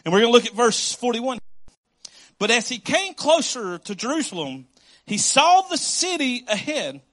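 Man preaching, high bright voice, joking, calls out to the room. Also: big pitch swings, moderate pace. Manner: joking, call-and-response with congregation. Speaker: pastor. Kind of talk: sermon.

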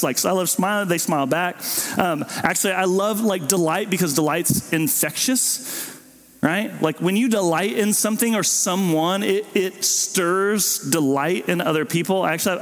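Man, pastor, sermon, animated storytelling, slightly high voice, echoing hall. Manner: animated, playful voices for babies and parents. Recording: long hall reverb.

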